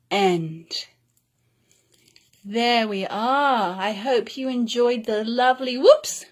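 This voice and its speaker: Slow, lilting woman storyteller. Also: a little high. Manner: gentle, lilting, slow and expressive. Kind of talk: reading a storybook aloud to children.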